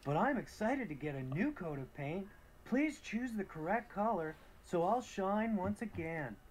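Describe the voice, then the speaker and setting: An actor voicing a cheerful young male tank engine in a preschool DVD game, speaking simply and brightly to small children. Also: high voice, lively intonation, a little slow, a little hiss or hum. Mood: eager.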